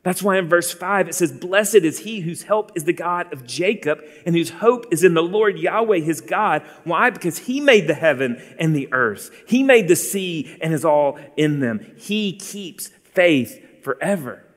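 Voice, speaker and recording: A man's voice: fairly high pitch, lively intonation, a little slow, few pauses, long reverb tail. A man in his forties preaching an earnest sermon, calling his listeners beloved.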